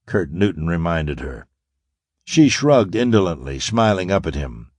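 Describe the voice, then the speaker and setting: Male audiobook narrator, mid-range, animated inflection, dry booth sound. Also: low-pitched, a little slow, no echo. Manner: steady, dramatic storytelling. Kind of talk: scripted narration.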